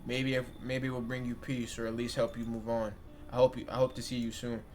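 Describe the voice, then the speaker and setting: A man voicing a mysterious, prophetic visitor who speaks in hushed, solemn pronouncements. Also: medium pitch, level tone, brisk, a little hiss or hum, natural voice.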